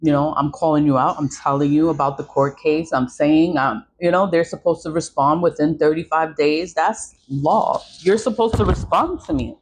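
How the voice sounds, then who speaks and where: A woman's voice: low-pitched, fairly even intonation, moderate pace, hardly any pauses, slightly rough. A middle-aged woman vlogger in a casual venting monologue, emphatic and repeating her points.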